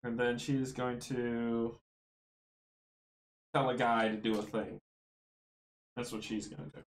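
A man's voice: mid-range voice, flat delivery, takes it slowly, echoey room, rough recording. A man playing a tabletop board game solo, thinking aloud, counting out moves and chuckling often.

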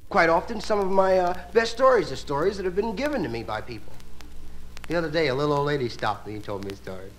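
Playful high-voiced male comic. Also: fast. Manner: relaxed drawling, playful asides. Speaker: stand-up comedian. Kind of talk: stand-up comedy storytelling. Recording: hissy live album recording.

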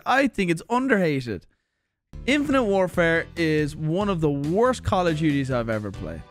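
There's no room sound on this recording of a slightly high-voiced Irish gaming YouTuber speaking at a moderate pace. Exasperated and animated, he swears and rants in reaction to viewer opinions while faint music plays.

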